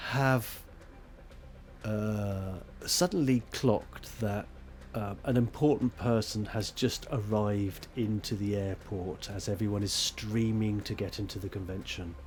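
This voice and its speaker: A man running a tabletop role-playing game as game master, narrating scenes in a rambling, animated, self-mocking way. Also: on the low side, a little hiss or hum.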